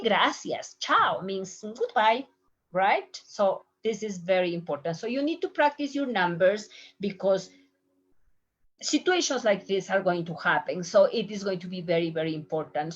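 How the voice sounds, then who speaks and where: A woman teaching a medical Spanish lesson from slides, going over each phrase slowly and saying it in both languages. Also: mid-range voice. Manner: slow, explains and repeats phrases in both languages. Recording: muffled lo-fi recording.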